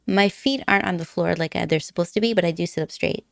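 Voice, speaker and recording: A woman's voice: lowish voice, fast, gravelly, dry recording, clean studio sound. A young woman streaming from home at a desk mic, chatting casually with viewers in a giggly, rambling way and sounding a little nervous. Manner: giggly, chatty, rambling, puts on silly accents. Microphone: desk microphone.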